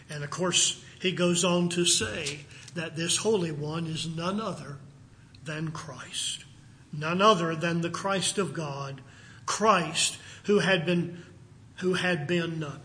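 An older American man delivers a sermon in a high, bright voice. He reads scripture in a rising, emphatic cadence. Then he eases into a halting story with many pauses and fillers. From United States. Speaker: preacher.

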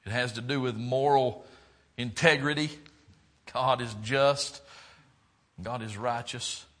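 A man preaching a sermon, swinging between loud, fervent exclaiming and quiet, low reflection. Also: steady tone, slow pace.

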